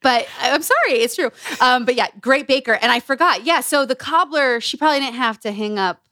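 Woman, podcast host, casual chat, animated, higher pitch. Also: fairly quick, dry recording, studio quality. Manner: chatty, laughing, animated retelling. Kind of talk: casual book club chat.

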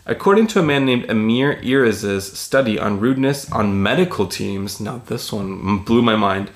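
A man's voice: lowish voice, expressive, moderate pace, roomy sound. A man co-hosting a podcast in casual chat, reading out study findings and swearing casually. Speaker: podcast co-host.

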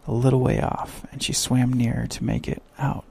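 A man reading a children's story aloud in a soft, measured way. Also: medium pitch, level tone. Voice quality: creaky, husky.

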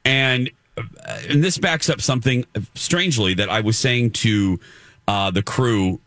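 A man's voice: medium pitch, unhurried, fairly bright tone, no room sound. A man hosting a morning radio show, chatting bluntly with many filler words. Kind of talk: casual radio banter and live ad read.

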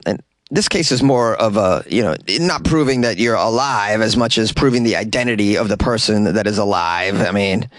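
A man with a raspy voice, a comedian hosting a news podcast, who reads odd stories and adds wry, incredulous jokes. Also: on the low side, moderate pace, no room sound. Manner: wry, incredulous, joking asides. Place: small closet. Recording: dry closet recording.

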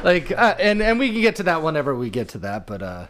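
A man's voice: fairly high pitch, wildly swooping pitch, quick pace, a bit bright. A man in his thirties co-hosting a casual podcast chat, joking wryly. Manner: wry, joking. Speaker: podcast co-host.

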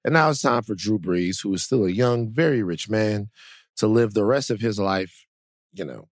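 A man co-hosting a podcast, talking casually in a rambling, animated, self-mocking way. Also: on the low side, normal speed, dry recording, clean studio sound. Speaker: podcast co-host. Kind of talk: casual chat.

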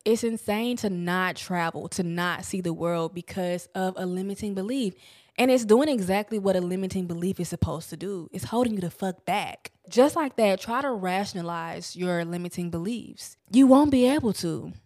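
A young woman, talking casually and candidly about self-help to her viewers, swearing freely and getting animated. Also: on the low side, moderate pace. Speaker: vlogger.

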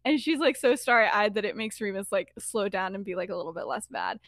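A young woman tells a story in a casual chat, rambling and giggly, with fillers everywhere. Her voice sits a little high. The sound is dry and close. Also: a little fast, hardly any pauses, a bit bright, no room sound. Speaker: podcast co-host telling a fan story.

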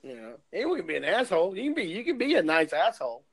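A man's voice: sits high, huge pitch swings, fast talker. A man in casual chat with friends, joking, swearing and mimicking people.

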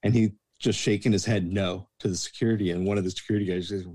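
Man, low voice, casual storyteller who acts out the people in his stories, for a relaxed talk show. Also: very fast. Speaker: former bartender telling stories.

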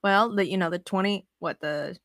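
A woman's voice: medium pitch, normal speed, a bit bright, dry recording, clean studio sound. A woman in her thirties chatting as a podcast guest, telling swear-filled stories with quoted back-and-forth. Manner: profane, storytelling with quoted dialogue. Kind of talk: casual chat.

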